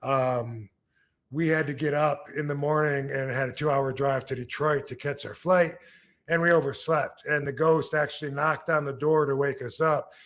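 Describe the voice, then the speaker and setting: A man's voice: fairly high pitch, steady tone, normal speed, fairly bright tone. A man in his fifties from Michigan hosting a podcast, telling stories casually with many restarts and fillers. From Michigan, USA. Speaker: podcast host. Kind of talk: casual storytelling.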